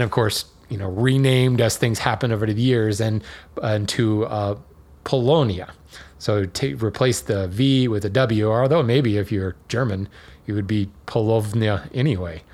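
A man hosting a podcast, talking casually and digressively with fillers and small laughs. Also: lowish voice. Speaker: podcast host. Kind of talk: casual educational monologue.

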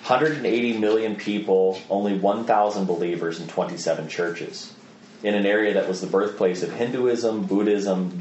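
A man speaking as a guest in a conversational interview, an animated storyteller who acts out the voices of people in his stories. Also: low-pitched, roomy sound, muffled recording, a little hiss or hum. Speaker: guest, missionary trainer.

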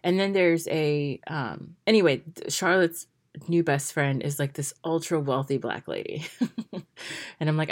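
Low-voiced woman giving a chatty review. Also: measured pace. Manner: chatty, critical, lots of fillers and restarts; exasperated, sarcastic asides. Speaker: pop culture commentator. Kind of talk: casual spoken review.

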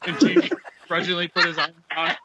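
A man's voice: on the high side, flat delivery, moderate pace, very noisy. A man guesting on a podcast, a former magazine editor and band manager, telling stories bluntly and emphatically with many restarts. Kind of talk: casual storytelling chat.

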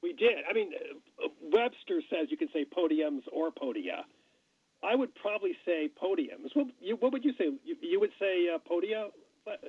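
A man's voice: high-pitched, expressive, normal speed, slightly rough, no echo. A man guest chatting eagerly about words. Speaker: co-author guest. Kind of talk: casual chat. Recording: tinny phone line.

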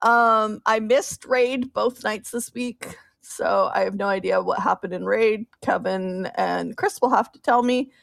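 Female podcast co-host, chatty and laughs easily, gravelly voice on a dry close mic. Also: mid-range voice, unhurried, hardly any pauses, no echo. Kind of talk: casual podcast chat.

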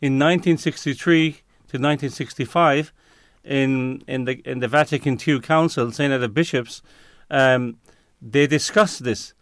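Smooth-voiced man groping for words. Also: medium pitch, normal speed, hardly any pauses, no room sound, clean studio sound. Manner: searches for words, frequent fillers and restarts. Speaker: interview guest. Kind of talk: conversational interview answer.

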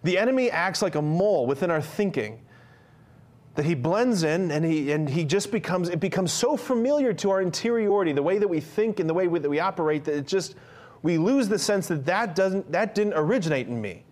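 A man's voice: high voice, animated, brisk, darkish tone. A man giving an earnest, conversational sermon to men, with frequent fillers and restarts.

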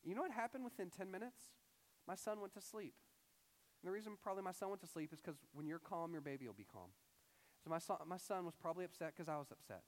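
A man in his thirties telling a personal story in a sermon, acting out his own lines with lively storytelling. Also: high voice, fast talker. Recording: long hall reverb.

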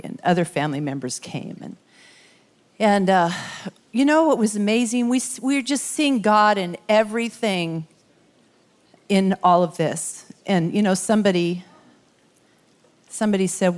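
A middle-aged woman giving an informal, heartfelt sermon in church, emotional and halting with fillers. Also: mid-range voice, darkish tone. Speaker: church speaker.

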